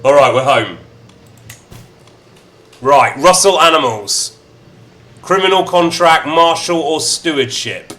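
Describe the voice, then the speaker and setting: A man's voice: on the high side, expressive, slow, long pauses, a bit bright. A man streaming a strategy game, chatting playfully and reading event text aloud in shifting mock accents.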